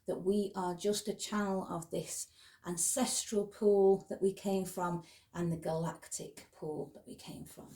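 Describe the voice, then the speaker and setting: A woman at home, softly guiding a meditation and movement practice at an unhurried pace, with quiet whispered asides. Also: mid-range voice, fairly even intonation. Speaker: spiritual teacher. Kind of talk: guided meditation and movement instruction.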